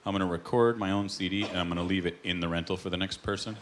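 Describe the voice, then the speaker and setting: A stand-up comic with a low, steady voice tells stories at a quick pace, landing punchlines and imitating the people he quotes. Recorded live at a comedy club, the background is noisy with loud laughter and applause.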